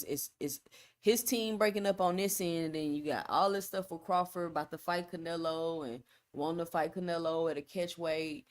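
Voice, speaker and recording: Emphatic Texan woman on a live stream. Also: on the low side. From Texas. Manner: emphatic, repetitive, casual slang. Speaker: boxing channel host. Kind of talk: solo live-stream commentary, reading chat.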